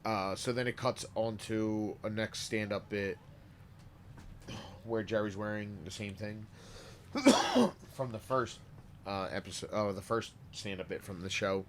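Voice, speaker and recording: A man's voice: lowish voice, a little slow, long pauses, a little hiss or hum. A man casually recapping a sitcom episode, rambling and swearing as he jumps between story and jokes.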